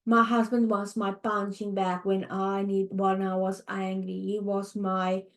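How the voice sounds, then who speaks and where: A middle-aged woman hosting a podcast, talking in a heartfelt, halting way, tired and close to tears. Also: medium pitch, flat delivery. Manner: heartfelt, halting, with restarts and soft fillers. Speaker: podcast host. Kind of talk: emotional personal monologue. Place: home, early morning.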